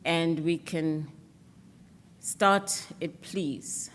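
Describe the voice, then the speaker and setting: Slow, earnest woman giving a speech. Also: low-pitched, a little hiss or hum. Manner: measured, earnest, with fillers. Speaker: speaker presenting an alliance against stereotypes. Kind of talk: formal speech at an awards event.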